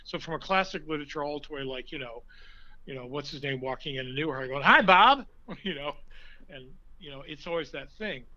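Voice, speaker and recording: A man, an actor, telling stories in an interview, animated, breaking now and then into loud put-on voices. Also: on the high side, fast talker, highs cut off. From from an Irish blue-collar family. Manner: animated storyteller, bursts into loud character voices. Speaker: actor guest. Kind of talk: conversational interview storytelling.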